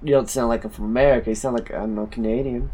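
A woman with an extremely low, husky voice trades improvised comic banter. She jokes with a deadpan edge and keeps trying out silly accents. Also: racing.

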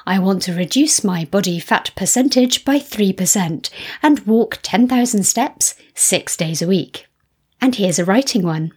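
Husky-voiced woman hosting a podcast. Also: mid-range voice, lively intonation, unhurried. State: low energy. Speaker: podcast host. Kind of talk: solo podcast talk.

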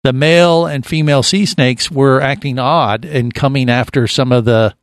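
A man's voice: mid-range voice, fairly even intonation, moderate pace, no room sound. A man hosting a casual radio talk show from a studio, rambling and restarting his sentences as he tells a story.

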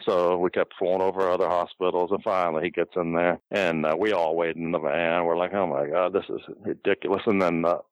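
A man's voice: deep voice, flat delivery, brisk, few pauses, no room sound, lo-fi sound. An older man and former wrestler telling casual, rambling stories from the road, full of fillers and restarts. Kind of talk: casual storytelling.

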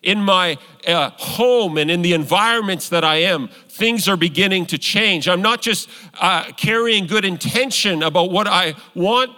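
A man's voice: high-pitched, measured pace, few pauses, pushed and bright. Earnest male pastor preaching in a reverberant hall. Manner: earnest, conversational preaching with rising emphasis. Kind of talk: sermon.

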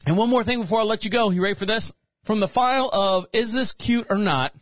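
A man's voice: high-pitched, fast, a bit bright, no room sound. A man hosting a podcast, talking casually and rambling with frequent restarts. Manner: rambling, self-correcting, chatty. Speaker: podcast host.

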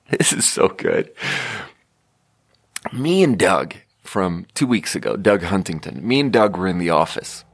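Man, 30s, comedic podcast host, rambling and sarcastic, slightly low voice. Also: sing-song, measured pace, long pauses, no echo, studio quality. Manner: rambling, sarcastic, self-interrupting. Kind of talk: rambling comedic storytelling monologue.

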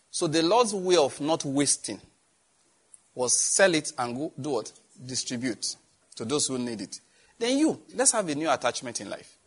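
Husky preacher man. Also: a little high. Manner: emphatic, repeating phrases and asking the congregation questions. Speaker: pastor. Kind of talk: sermon.

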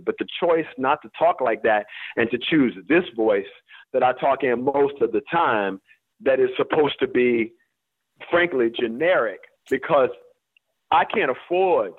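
A man from the US Deep South, an actor being interviewed, talking candidly and emphatically, swearing and laughing as he makes his points. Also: no echo. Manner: emphatic, profane, laughs while making points. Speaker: actor guest. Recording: tinny phone-line sound.

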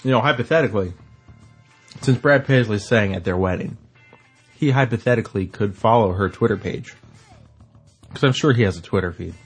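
A man co-hosting a podcast, telling a rambling story in casual chat and often clearing his throat. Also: lowish voice, brisk, long pauses, faint music behind. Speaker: podcast co-host.

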